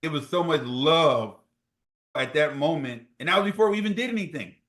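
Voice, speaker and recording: A man's voice: fairly high pitch, fairly quick. A middle-aged man from New Jersey, a former college football player telling stories as an interview guest and acting out quoted dialogue. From New Jersey, USA. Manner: animated storyteller who acts out quoted dialogue. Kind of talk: storytelling in an interview. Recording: roomy echo.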